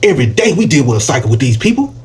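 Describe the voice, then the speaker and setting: A man's voice: medium pitch, very fast. A man hosting a reaction channel, giving heated, preachy commentary. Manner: preachy, animated, mocking put-on quotes.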